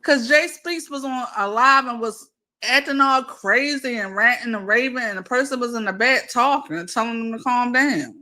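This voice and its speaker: A woman with a Baltimore accent chats loosely with friends, reminiscing and pausing on fillers as she gathers her thoughts. Her voice sits fairly high. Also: pushed and bright. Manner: chatty, reminiscing, trails off with fillers. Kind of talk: casual group chat.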